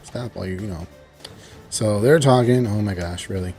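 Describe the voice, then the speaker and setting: Guy with a lowish voice rambling excitedly through an episode recap, faint music behind. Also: moderate pace. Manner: animated, rambling with many fillers and exclamations. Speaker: show reviewer.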